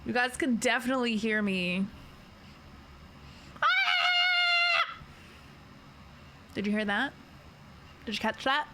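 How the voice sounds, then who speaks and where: Giggly, sleepy woman streamer with a bright voice. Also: fairly high pitch, fairly quick, slight background noise. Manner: giggly, rambling, slangy. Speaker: livestreamer. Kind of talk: casual chat.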